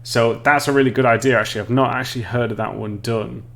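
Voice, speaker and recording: A man's voice: mid-range voice, fairly even intonation, fast, creaky, fairly bright tone. An English man casually explaining game level design on a live stream, chatting with viewers and often restarting sentences. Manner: chatty, reads chat aloud, frequent restarts and laughs.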